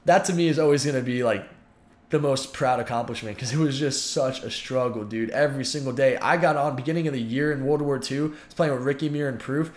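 A man's voice: mid-range voice, brisk, echoey room. A man in his twenties venting his frustration in a heated, repetitive vlog monologue. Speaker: YouTuber and pro gamer.

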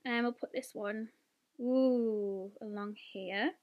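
Gushing high-voiced British woman. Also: fairly even intonation, slow, lo-fi sound. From United Kingdom. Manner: gushing, chatty, lots of "like" and "oh my god". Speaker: beauty vlogger. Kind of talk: excited unboxing and swatching.

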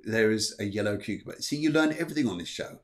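A man's voice: fairly low pitch, expressive, quick pace. Rambling jokey male medium host. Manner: rambling, self-correcting, jokey, many fillers. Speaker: psychic medium and show host. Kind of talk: live-streamed psychic readings, chatty.

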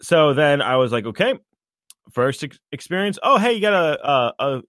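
A man chatting casually, telling a game story with lots of energy and bursts of acted-out shouting. His voice sits a little high. The sound is dry and close, with almost no room echo. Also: moderate pace. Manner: animated, acts out his character with shouted lines.

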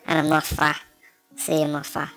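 A man's voice: fairly high pitch, completely flat delivery, normal speed, pushed and bright, smooth, soft background music. A man with a Dublin Irish accent rambles through casual gameplay commentary into a small desktop microphone, cracking crude, self-mocking jokes. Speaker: gamer.

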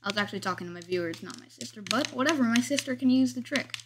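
A woman with a slightly high voice hosts her own gameplay video, narrating every step in an animated, racing, chatty way and joking about her own mistakes. Faint keyboard and mouse clicks and other background noise sit underneath.

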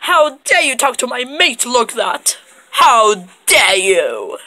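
A woman's voice: on the high side, sing-song, slow. A woman doing a prissy schoolboy with put-on posh British airs. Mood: indignant. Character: prim schoolkid boy acting fussily British. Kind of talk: fan puppet comedy acting. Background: background music.

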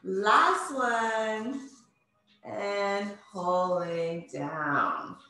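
A woman's voice: mid-range voice, bright, forceful tone. A woman fitness instructor leading a home workout class, cueing breathing and movement step by step with encouragement. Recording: very echoey room.

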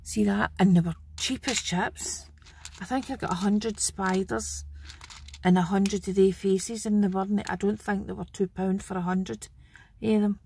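A woman's voice: medium pitch, fairly even intonation, a little slow, gravelly, darkish tone, a little hiss or hum. A Scottish woman chatting homely and casually as she shows off her craft haul. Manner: chatty and homely, fond of 'wee'. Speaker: craft channel host. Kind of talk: casual show-and-tell haul video.

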